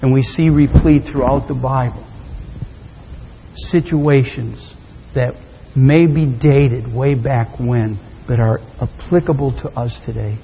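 A man preaching a sermon, telling a story dramatically and swinging from loud to hushed. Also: medium pitch, steady tone, slow pace, a little hiss or hum. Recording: long hall reverb.

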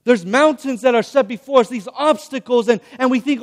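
A young man delivers a lively sermon in a high, light voice, pressing his listeners to answer him. His words ring out with a long reverb from the large hall he preaches in. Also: moderate pace, hardly any pauses. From Hispanic background. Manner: animated, calls on the audience to respond.

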